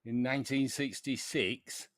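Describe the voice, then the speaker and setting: A man's voice: medium pitch, measured pace, fairly bright tone, no echo, natural voice. Man doing a blunt Middlesbrough football manager. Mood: rousing. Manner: rousing team talk.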